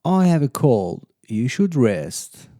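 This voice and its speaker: Slow, dark-voiced man reading English drills. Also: medium pitch, very animated, no room sound, studio quality. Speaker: English teacher. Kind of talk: slow scripted reading of example sentences.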